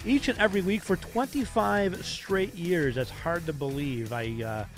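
A middle-aged man hosting a casual talk radio show, chatty and wry, quick with a joke. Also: high-pitched, soft background music.

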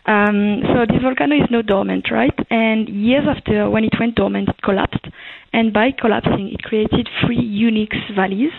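A woman's voice: on the high side, fairly even intonation, normal speed, gravelly, breathy edge. A woman with a French accent, a tourism officer from Reunion Island, explaining eagerly as a guest in a phone interview. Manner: enthusiastic, explanatory, gently accented. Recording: tinny phone line.

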